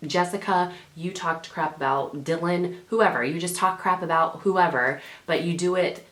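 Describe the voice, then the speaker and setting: A woman's voice: on the low side, moderate pace, fairly bright tone. A woman in her twenties giving rambling, sassy advice straight to her camera, often correcting herself as she goes. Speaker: beauty vlogger. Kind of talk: casual chatty advice to camera. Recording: roomy home camera audio.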